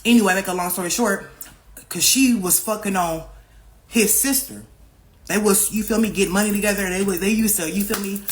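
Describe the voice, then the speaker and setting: A woman's voice: medium pitch, fairly quick. A woman telling a personal story in a casual, slang-heavy, profane way. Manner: acts out other people's lines in raised voices.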